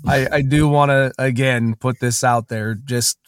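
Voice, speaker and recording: A man's voice: medium pitch, steady tone, unhurried, clear, resonant tone. A man hosting a podcast interview, with a weak voice from a lingering cough, speaking hesitantly with many fillers. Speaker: podcast host.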